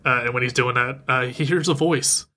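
A man's voice: medium pitch, a little fast. A podcast host man recapping an anime in casual chat, laughing often. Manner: laughing often, animated retelling.

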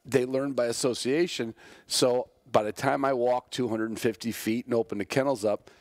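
A man's voice: medium pitch, fairly even intonation, normal speed. A man hosting a podcast interview in a friendly, chatty way, often stammering and restarting his sentences. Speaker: podcast host.

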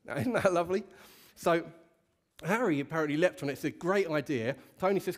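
A male pastor preaches to his congregation in a relaxed, candid and conversational way. His voice sits a touch high for a man, and he keeps the talk loose and storytelling in tone. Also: fairly quick. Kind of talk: sermon. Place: church hall with a congregation.

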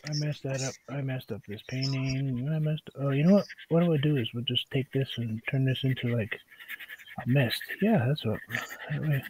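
A man's voice: medium pitch, moderate pace, a little mellow, slight background noise, poor audio. A man casually demonstrating a painting, chatty and joking as he works. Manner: chatty, joking, laughs often. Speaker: painting instructor. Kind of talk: casual painting demo chat.

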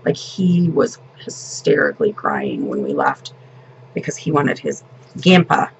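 A grandmother in her fifties chats in a slow, unhurried way, rambling happily through a family story. Her voice has a gravelly, creaky edge. The recording sounds a little muffled, with a faint hiss underneath. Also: deep voice, wildly swooping pitch. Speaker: planner vlogger and grandmother. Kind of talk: casual chat.

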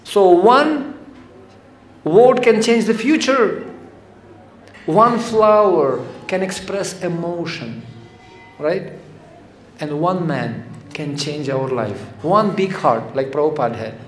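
A man with a high voice giving a devotional lecture, telling stories in a lively, conversational way. His voice rings through a roomy hall, with a faint hum underneath. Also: slow pace. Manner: conversational, animated, acts out quotes. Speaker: spiritual lecturer. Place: temple hall. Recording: echoey hall with faint noise.

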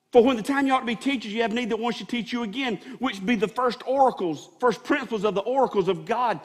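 Man, pastor preaching, high voice, long hall reverb. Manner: preaching with many restarts and rising emphasis. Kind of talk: sermon. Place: church sanctuary.

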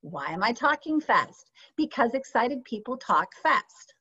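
A woman teaching a sales training session, lively and often checking in with her audience with questions. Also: fairly high pitch, measured pace, husky. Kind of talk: training session on a video call. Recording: slightly dull lo-fi sound.

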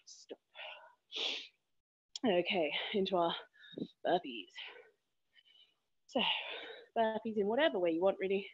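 A woman's voice: medium pitch, expressive, slow, long pauses, breathy edge, dry recording, lo-fi sound. A woman leading a home workout as fitness instructor, encouraging and counting reps aloud, out of breath between exercises. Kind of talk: live workout coaching.

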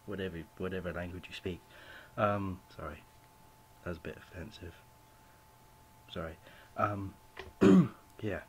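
Young man, home vlog rant, rambling and apologetic, low-ish voice, faint room hiss. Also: fairly even intonation, a little slow, long pauses. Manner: rambling, apologetic, full of "you know" fillers. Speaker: vlogger.

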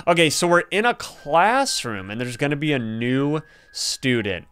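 A young man playing a game on his channel, reading dialogue aloud and reacting with excited commentary to viewers. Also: a little high, moderate pace, hardly any pauses, clear, resonant tone. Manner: excitable, gasping, laughing, addresses viewers as you guys. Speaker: gaming YouTuber.

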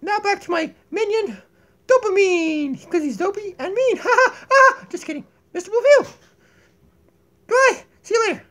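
A man voicing a vain, bossy female donkey puppet who calls herself queen of the world, in a shrill, grandiose, giggly manner, recorded on a tablet in a home kitchen. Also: lively intonation, moderate pace, sharp tone, heavily acted. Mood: teasing. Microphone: tablet built-in mic.

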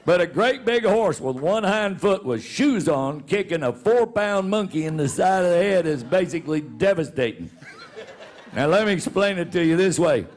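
A man and show regular telling a funny story in a folksy way, laughing as he goes. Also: fairly high pitch. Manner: folksy, laughs through his own story. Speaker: rodeo announcer and show regular. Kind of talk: comic storytelling.

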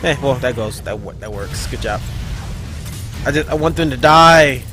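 Over faint background music, a man with a mid-range voice swears his way through live commentary on his own game as a gaming channel host. He's excitable and easily frustrated.

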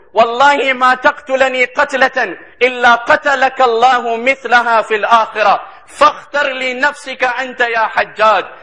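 A male preacher with a very high, bright, forceful voice delivers an impassioned sermon at a rapid clip. He switches between urgent address and chanted Arabic recitation. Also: rough recording.

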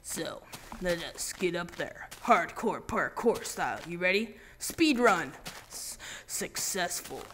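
A man with a high voice narrates his gameplay in a casual let's-play, jumping between random jokes and excited outbursts. His pitch swings widely and he talks at an unhurried pace. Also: a little hiss or hum. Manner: random, jokey, excitable banter. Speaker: gaming channel host.

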